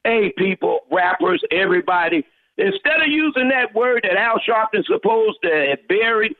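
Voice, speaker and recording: A man's voice: high-pitched, expressive, normal speed, no echo. A man from Texas calling in to a talk radio show, ranting in a fired-up, preachy way and repeating his phrases. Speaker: caller. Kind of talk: impassioned call-in rant. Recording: tinny phone line.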